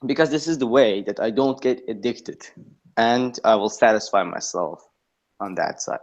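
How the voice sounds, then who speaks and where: A man chatting casually, middle-pitched and rambling, leaning on okay and you know between thoughts. The recording sounds dull and lo-fi. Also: moderate pace. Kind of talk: casual chat.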